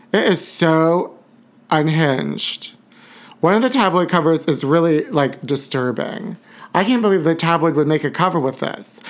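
A woman hosting a live-stream show in a campy gossip style, calling listeners honey and shrieking woo. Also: low voice. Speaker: host. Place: Los Angeles area.

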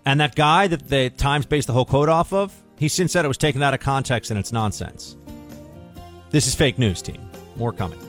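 A man's voice: medium pitch, normal speed, music in the background. Sarcastic male talk radio host. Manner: sarcastic, combative. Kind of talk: political talk radio commentary.

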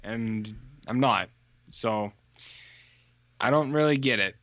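A podcast co-host rambles through his stories with a deadpan, offhand manner. His voice is bright and forward. The sound is dry and slightly dull, like a lo-fi home setup. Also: medium pitch, takes it slowly, dry recording. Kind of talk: casual chat.

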